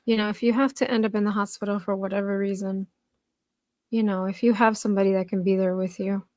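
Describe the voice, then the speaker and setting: A woman's voice: mid-range voice, steady tone, fast talker, darkish tone, no echo. Female co-host, nurse, mid-range voice, plain and matter-of-fact, dry close sound. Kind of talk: casual podcast chat.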